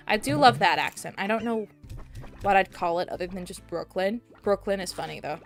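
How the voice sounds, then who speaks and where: A young woman streams a video game as a VTuber, rambling casually and letting out sudden squeals at what happens on screen. Her mid-range voice is fairly quick and creaky, with faint music in the background.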